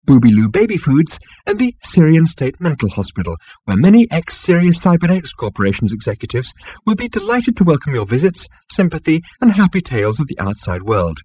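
A man's voice: a little high, sing-song, a little fast, warm tone, breathy edge, no echo, highs cut off, pitched above the performer's own voice. A man voicing a fawning, anxious talking elevator in a sweetly persuasive, syrupy manner. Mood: salesy.

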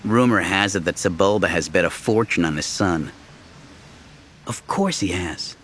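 Earnest young mechanic, low and worried, read by a man. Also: normal speed, a bit bright, slight background noise.

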